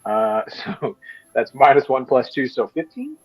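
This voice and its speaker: A man playing a tabletop game, chatting casually, excitable and quick to laugh. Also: medium pitch, husky, dry recording, poor audio. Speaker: player.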